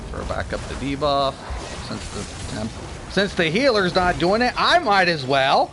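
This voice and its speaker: A man giving profane, mocking commentary over his own gameplay as a channel host, ranting at teammates with sudden yelled outbursts. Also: fairly high pitch, big pitch swings, measured pace, vocal fry, background noise. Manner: profane, mocking rant with sudden yelling bursts.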